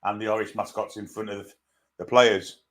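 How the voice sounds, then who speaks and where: A man's voice: fairly low pitch, little pitch movement, normal speed, a bit bright. A man casually commentating a football match live, greeting viewers and reading their comments aloud. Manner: chatty, greets viewers, reads chat aloud. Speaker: live stream host.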